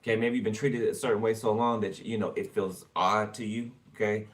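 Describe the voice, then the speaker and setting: Low-voiced, blunt man reading tarot. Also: steady tone, fairly quick, far from the mic. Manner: chatty, blunt, swears and laughs freely. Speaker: tarot reader. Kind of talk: casual tarot reading for viewers.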